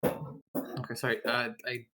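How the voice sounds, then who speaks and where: A man at a tabletop game, chatting in an offhand way with easy laughs. His pitch is middling and his talk is casual. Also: completely flat delivery, unhurried, heavy background noise. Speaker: player.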